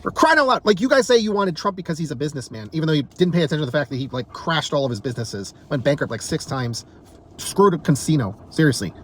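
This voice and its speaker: High-voiced man in a heated rant. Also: expressive, fast talker, a little hiss or hum. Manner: angry, exasperated, swears often; repeats and restarts words when worked up. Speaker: political commentator. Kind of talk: heated political rant to camera.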